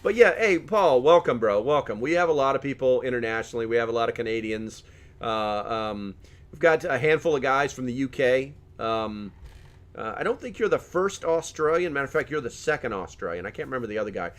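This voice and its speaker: A man's voice: medium pitch, lively intonation, fairly quick. Middle-aged man, live-stream host, casual joking chat, reads comments aloud, laughs a lot, mid-range voice.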